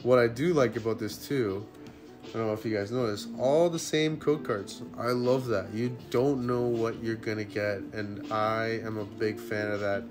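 Excitable guy opening card packs on his channel, pitch jumps way up then drops low, music playing behind. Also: moderate pace. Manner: excitable, jumps up high when hits appear, then drops to low murmurs. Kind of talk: casual unboxing chat to viewers.

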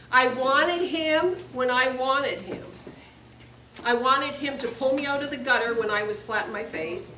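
A woman's voice: high voice, sharp tone. A woman giving a personal testimony sermon, earnest and confessional, repeating phrases for emphasis. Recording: echoey room, distant mic, faint hiss.

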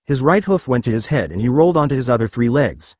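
Animated man narrating a story. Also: medium pitch, fast, dry recording. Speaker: story reader. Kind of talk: scripted narration of a fan story.

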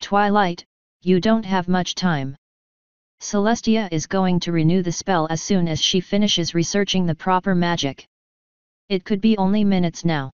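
A woman's voice: on the low side, moderate pace, clean tone, dry recording, lightly acted. A woman voicing a regal, solemn female pony princess who speaks formally. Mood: grave. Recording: dull lo-fi dry recording.

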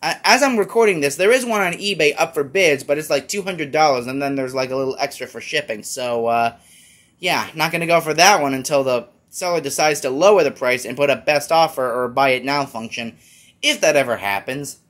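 A man's voice: on the high side, fairly quick, fairly bright tone. A man giving a casual, rambling toy review with many fillers. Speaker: toy collector YouTuber.

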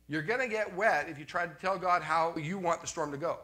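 A Canadian man preaches a sermon to his congregation, his voice bright, forceful and a touch higher than most men's. He speaks fairly quickly and conversationally, repeating key lines and repeatedly asking whether the crowd is following.

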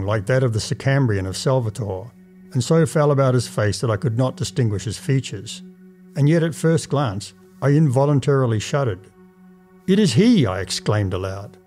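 Man, audiobook narrator, dramatic first-person storytelling, mellow tone, faint background music. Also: medium pitch. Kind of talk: storybook reading of a classic tale.

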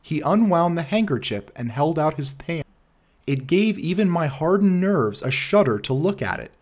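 A man narrating a classic detective story as an audiobook in an expressive storytelling manner. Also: fairly high pitch, normal speed.

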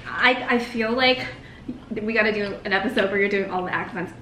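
A young American woman co-hosts a food video, chatting casually and laughing often while she eats. Her medium-pitched voice is a little fast with a sharp tone, recorded in an echoey room with faint noise.

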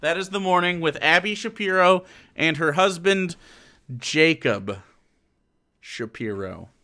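A man's voice: on the high side, expressive, takes it slowly, sharp tone. A man streaming live, reacting to a clip in a sarcastic, profane rant.

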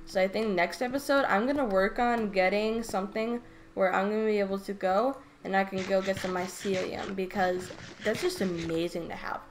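A woman playing a video game and talking through it in casual commentary, excitable and gushing, often stammering and repeating herself. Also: medium pitch, moderate pace, slight background noise. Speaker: let's play gamer.

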